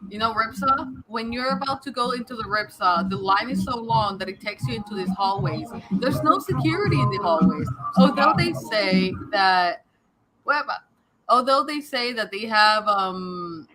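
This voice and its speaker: A woman's voice: mid-range voice, moderate pace, noisy background. Woman, Spanish-English switching, faint ambience. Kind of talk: casual chat.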